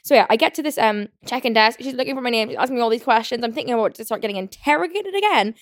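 A young woman hosting a podcast, telling a story in a fast, chatty rant full of swearing and fillers. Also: a little high, expressive, dry recording, clean studio sound. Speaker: podcast host. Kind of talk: casual solo rant.

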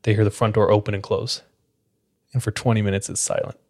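A man with a somewhat low voice tells a story on his podcast. He keeps it loose and casual, peppering the telling with "like" and quick restarts. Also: little pitch movement, a little mellow. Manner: casual, filler-heavy retelling with frequent "like". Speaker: podcast host.

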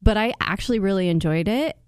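Woman, casual pop-culture chat, animated and chatty, smooth clear voice, dry close sound. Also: mid-range voice, fast talker, no room sound. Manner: animated, chatty, exaggerated impressions.

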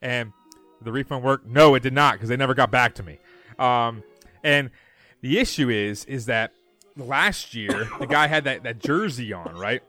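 A man's voice: medium pitch, moderate pace, no echo. Guy ranting through a funny story, acts out the voices, dry mic, bit of music. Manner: animated storytelling, acts out quoted dialogue. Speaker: podcast co-host. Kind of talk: casual chat.

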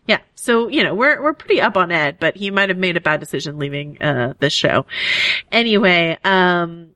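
A woman's voice: fairly low pitch, expressive, moderate pace, bright, forceful tone, no echo. A woman co-hosting a casual podcast, talking through a TV episode with enthusiasm and plenty of fillers. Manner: enthusiastic, fan-style with many fillers. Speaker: podcast co-host. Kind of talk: casual TV recap chat.

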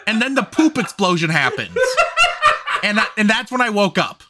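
A man's voice: high voice, sing-song, moderate pace, very noisy. A man co-hosting a podcast, rambling through a story in casual, swearing chat. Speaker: podcast co-host.

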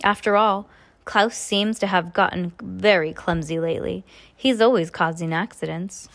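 A woman reading aloud and voicing a smooth, falsely sweet woman eye doctor who schemes against children. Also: on the low side, moderate pace, a bit bright. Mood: smooth, scheming.

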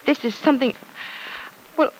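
An earnest young woman with worry in her voice, played by an actress in a vintage radio drama. The delivery is heartfelt and clear, with a faint hiss under the old broadcast. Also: normal speed, lightly acted, poor audio. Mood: anxious. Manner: anxious, earnest, playful at times. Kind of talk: 1940s radio drama acting.

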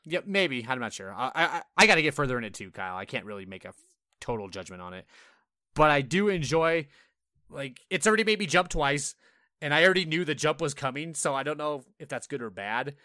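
A man on a casual gaming podcast with a bright, forceful voice, recorded dry and close. He tells animated stories, swears freely and acts out his own frustrated reactions in quoted asides. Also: medium pitch, fairly quick, dry recording. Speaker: podcast co-host.

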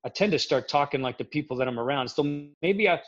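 A man's voice: mid-range voice, animated, quick pace. Middle-aged man, frank and rambling. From Central Florida. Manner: rambling, self-correcting, frank. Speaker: military veteran guest. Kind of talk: casual interview talk. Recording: slightly dull lo-fi audio.

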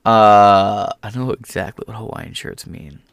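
A man's voice: on the low side, fairly even intonation, unhurried, gravelly, clean tone, no echo, studio quality. Profane sarcastic man ranting. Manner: profane, sarcastic, mocks people in put-on voices. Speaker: political commentary host. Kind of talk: casual ranting commentary.

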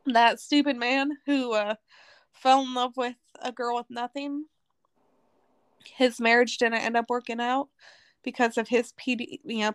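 A woman's voice: fairly high pitch, clear, resonant tone, dry recording. A woman from Arizona, a podcast guest, telling her personal testimony in an earnest, emotional way.

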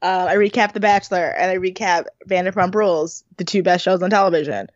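A woman co-hosting a podcast in casual chat, telling stories in an animated, giggly way. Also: on the low side, fast talker, no echo. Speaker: podcast co-host. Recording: slightly dull, lo-fi sound.

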